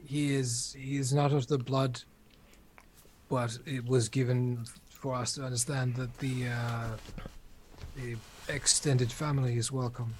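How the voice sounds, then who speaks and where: A man role-playing his character at a tabletop game in a measured, formal, stiff way. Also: medium pitch, level tone, slight background noise. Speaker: player.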